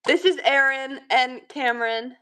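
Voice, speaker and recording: A woman's voice: sits high, a little slow, fairly bright tone. A young woman hosting a casual livestream, chatting dramatically with friends and breaking into laughter and shrieks. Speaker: livestream host.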